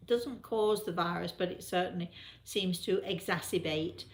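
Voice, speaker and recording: A woman's voice: lowish voice, reverberant. A woman with an English accent, hosting a casual live chat and laughing often. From England. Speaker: host.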